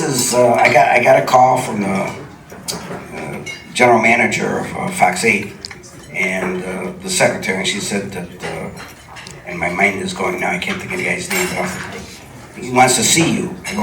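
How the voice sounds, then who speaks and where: An older man spins chatty stories on a club stage, slipping into the voices of the people he quotes and breaking into laughter. His voice comes from a distance through the room's echo. A steady murmur of noise sits behind it. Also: lowish voice. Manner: chatty, laughs often, acts out quoted dialogue. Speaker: guest storyteller. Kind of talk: live on-stage storytelling. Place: supper club stage before an audience. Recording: roomy venue sound from a distant mic with background noise.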